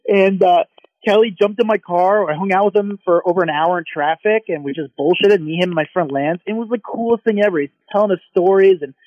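A man co-hosting a podcast, gushing and excitable as he tells a story in casual chat. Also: sits high, no room sound, muffled recording. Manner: excitable, gushing, quick anecdotes. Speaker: podcast co-host.

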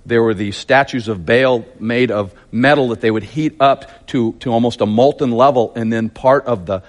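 A man's voice: mid-range voice, normal speed. A man preaching a sermon, telling the story vividly and emphatically with lots of repetition.

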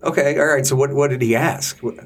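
A man co-hosting a podcast in casual chat, joking and animated in his retelling. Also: medium pitch, quick pace. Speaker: podcast co-host.

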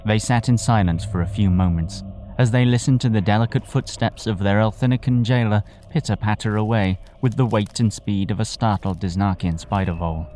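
A man's voice: fairly low pitch, fairly quick, dark tone, slight background noise. A man narrating a comic audio drama with dry, wry storytelling.

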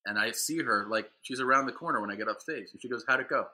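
Comedian guy on a podcast, super bright forceful voice, swears a lot, acts out the people in his stories. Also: mid-range voice, fast talker. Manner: profane, swings into mock voices for others in his stories. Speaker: comedian guest. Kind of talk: casual podcast chat, storytelling.

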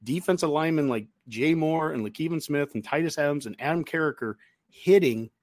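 A man co-hosting a sports podcast, talking in a casual, animated way and getting worked up as he goes. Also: fairly high pitch, fairly quick, dry recording. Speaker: podcast co-host.

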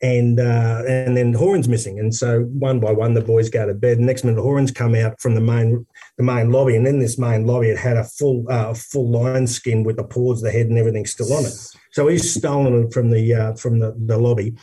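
Mellow-voiced Australian man telling a story. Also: medium pitch, brisk, far from the mic. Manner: animated anecdote teller, many restarts. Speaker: former rugby player, guest. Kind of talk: casual storytelling.

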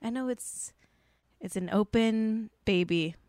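A woman's voice: fairly high pitch, takes it slowly, a little mellow, clear, resonant tone, no room sound, clean studio sound. A young adult woman casually hosting a celebrity news stream, chatty and sarcastic, with asides and laughs. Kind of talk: casual chat reading news.

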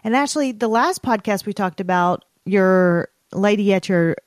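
A woman's voice: mid-range voice, lively intonation, normal speed, dry recording, studio quality. A woman co-hosting a podcast, chatting casually and playfully, laughing often. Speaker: podcast co-host. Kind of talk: casual chat.

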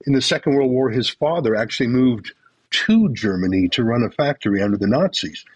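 A man speaking as an interview guest, emphatic and rapid, with mocking asides. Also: mid-range voice, lively intonation, slightly rough, dry recording. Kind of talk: impassioned political commentary.

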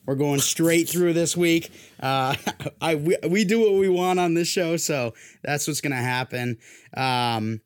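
A man's voice: on the high side, a little slow, clear, resonant tone. A young man hosting a casual sports podcast, his voice worn down, joking loosely and pushing himself to sound hyped. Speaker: podcast host.

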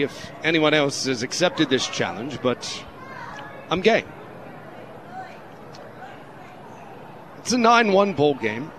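A man's voice: a little high, fairly bright tone, slight background noise. A man calling a baseball game on the radio in a playful, mock-formal, put-on English accent. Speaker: radio play-by-play announcer. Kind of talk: baseball play-by-play commentary. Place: radio broadcast booth.

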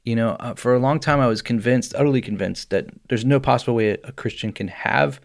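An animated man telling a story. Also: medium pitch, fast talker, gravelly. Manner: animated storyteller, laughs often. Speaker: podcast co-host. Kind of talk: casual storytelling chat.

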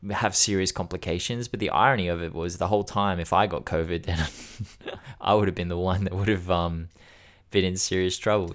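A man in his thirties chatting casually as a podcast co-host, frank and joking about hard things, swearing freely. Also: sits low. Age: 30s. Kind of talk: casual chat.

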